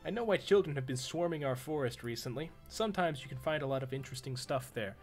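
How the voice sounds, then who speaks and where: A man's voice: medium pitch, lively intonation, fast, faint music behind, close to an everyday voice. A man voicing a sly, teasing fox-masked girl in a horror visual novel, with a plain, playful, mocking delivery.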